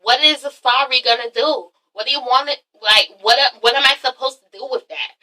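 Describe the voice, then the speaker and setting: A woman speaking as a fed-up young woman pressing questions at her partner, higher pitched and bright. The voice sounds distant from the mic. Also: brisk. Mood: exasperated. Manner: questions, stumbles in frustration.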